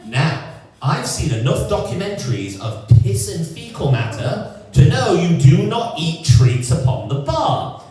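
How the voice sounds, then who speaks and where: Lively sardonic man on a club stage. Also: a little high, a little slow, crowd noise. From England. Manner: lively, sardonic, puts on voices for quoted people. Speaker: stand-up comedian. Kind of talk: stand-up comedy set. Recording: roomy echoing club sound from a distance.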